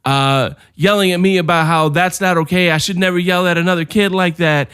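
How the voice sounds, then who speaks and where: A man co-hosting a podcast in casual chat, an animated storyteller who swears freely. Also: high-pitched, brisk, clear, resonant tone, no echo, studio quality. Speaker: podcast co-host.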